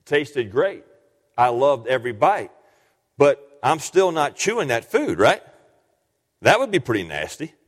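A man's voice: mid-range voice, sing-song, measured pace, pauses often, breathy edge. A man preaching a sermon in an earnest teaching manner, often restarting and repeating words. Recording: long hall reverb.

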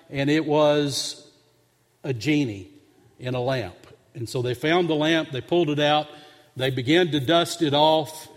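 A male pastor preaching a sermon, telling a humorous story with an earnest, conversational manner. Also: fairly high pitch. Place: church sanctuary. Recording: long hall reverb.

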